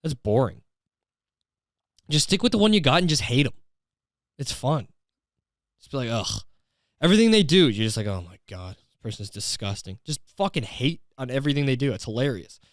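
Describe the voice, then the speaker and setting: A man's voice: medium pitch, very animated, fairly quick, long pauses, no echo, studio quality. A man hosting a comedy podcast, riffing sarcastically and profanely and drifting into bits. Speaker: podcast host. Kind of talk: comedic commentary.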